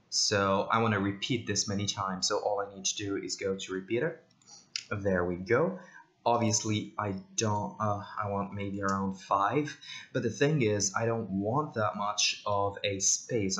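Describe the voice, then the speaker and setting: A man casually talking through a software tutorial, thinking aloud with many ums and side jokes. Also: lowish voice. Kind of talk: casual screen-recorded tutorial.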